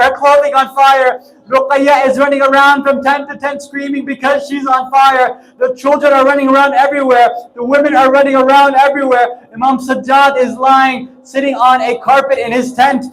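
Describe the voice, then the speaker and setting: A man's voice: very high-pitched, fairly bright tone, poor audio. A man giving a mourning sermon, telling the story through tears, impassioned and sobbing. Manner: tearful, impassioned storytelling, breaking into sobs. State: crying. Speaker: preacher.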